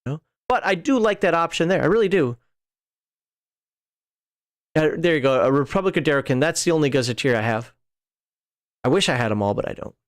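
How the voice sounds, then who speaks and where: A podcast host with a fairly high, expressive voice reads rules aloud in a casual walkthrough, frequently drifting into chatty asides. He talks a little fast and pauses often.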